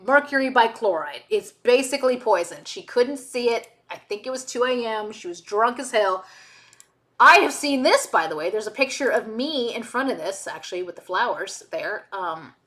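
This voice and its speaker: A woman with a fairly high, animated voice chats casually on a stream while editing. She drifts into tangents and cuts herself off with quick asides, with her pitch bouncing around as she goes. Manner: rambling, tangent-prone, frequent self-interrupting asides.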